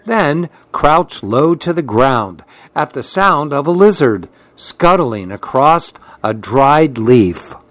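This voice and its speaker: A man reading a children's storybook aloud in a calm, unhurried way. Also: on the high side, no echo. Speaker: storybook reader.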